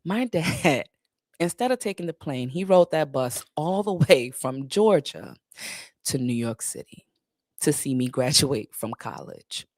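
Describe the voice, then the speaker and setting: A woman's voice: sits low, sing-song, measured pace, a little mellow, no room sound, studio quality. A woman in her thirties hosting a casual livestream Q&A, candid and blunt. She swears freely and laughs often. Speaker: livestream host.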